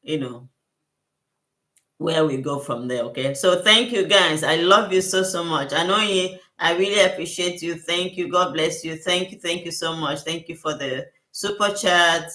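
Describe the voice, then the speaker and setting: A woman's voice: on the low side, normal speed, bright, forceful tone. A woman who works as a skincare consultant, hosting a casual livestream Q&A with viewers. She talks effusively, repeats herself and thanks her viewers often. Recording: roomy echo.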